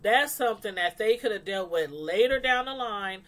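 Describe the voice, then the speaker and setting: A woman reviewing a TV show in casual chat, rambling, animated and full of fillers. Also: medium pitch, moderate pace. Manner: animated, acts out quotes from the show; loose, rambling delivery with many fillers.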